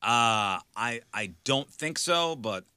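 A middle-aged man co-hosting a radio show, telling stories in casual, animated banter. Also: medium pitch, takes it slowly, smooth, no echo. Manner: animated storyteller, yells for effect.

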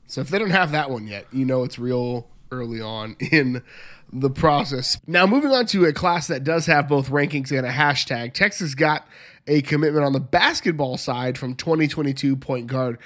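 A man co-hosting a sports podcast, reading dry, brisk news updates. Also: medium pitch, fairly bright tone. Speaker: co-host. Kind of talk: sports news rundown and chat.

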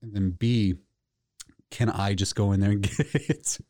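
A man telling a story in casual chat on a podcast, animated and laughing often. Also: lowish voice, a little slow, no room sound, studio quality. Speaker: podcast co-host.

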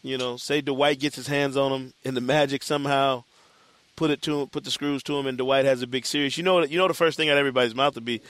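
A man's voice: medium pitch, steady tone, fast talker, a bit bright, no echo. A man hosting a casual basketball podcast, laid-back and loose, with plenty of "you know" fillers. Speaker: podcast host.

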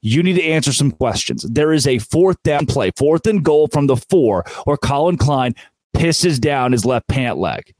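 Male sports host, exasperated and sarcastic, middle-pitched voice, dry booth sound. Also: unhurried, no echo. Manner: exasperated, sarcastic, animated rants. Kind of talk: college football recap rant.

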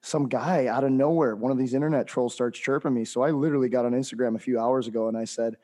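A man's voice: mid-range voice, steady tone, fast talker, mellow. A man co-hosting a podcast, speaking emphatically and addressing listeners directly. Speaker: podcast co-host and hockey trainer. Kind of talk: casual podcast chat.

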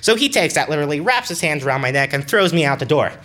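Young male storyteller, bright voice, earnest and halting, casual delivery. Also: a little high, expressive. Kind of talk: personal story told to an audience.

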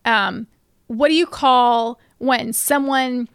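Female co-host, fairly high with vocal fry, chatty, dry close mic. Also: fairly even intonation, slow pace, fairly bright tone, no echo. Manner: chatty, giggly storyteller of corny puns. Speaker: podcast co-host. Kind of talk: casual chat.

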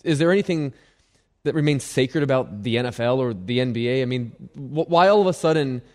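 A man's voice: medium pitch, fairly quick. A man co-hosting a sports radio show in a studio, teasing and needling his partner in casual banter. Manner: teasing, needling, laughs often. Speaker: radio co-host.

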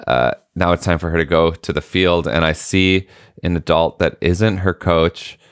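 A man's voice: sits low, steady tone, normal speed, smooth, dry recording, studio quality. A man in his late thirties, co-hosting a podcast, who tells stories in casual chat and acts out the people he quotes. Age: late 30s. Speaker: podcast co-host.

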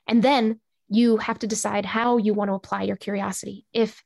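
A woman author, a guest on a podcast, explaining her ideas in a measured way. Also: medium pitch, flat delivery, gravelly, darkish tone, dry recording, studio quality. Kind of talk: interview answer.

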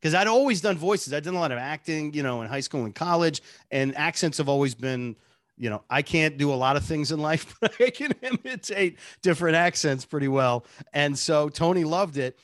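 A man, a radio show producer, telling animated stories in casual interview chat and laughing often. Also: fairly high pitch, normal speed, no room sound, clean studio sound.

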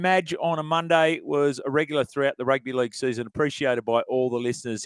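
A man's voice: a little high, clean tone, dry recording. A man with an Australian accent hosting a sports radio show, talking in a chatty, opinionated way and chuckling as he goes. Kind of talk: casual sports commentary.

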